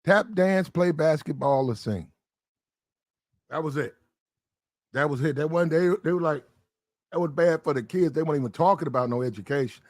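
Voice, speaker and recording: A man hosting a live stream rambles loosely through casual commentary, often repeating himself. His voice is on the high side and a little mellow, at normal speed with frequent pauses, captured in a dry, studio-quality recording.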